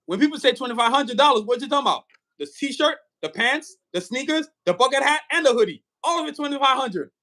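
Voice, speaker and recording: A man's voice: very high voice, animated, fast talker, bright, forceful tone. A man hosting a casual podcast interview, talking in hyped, streetwise banter. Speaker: podcast host.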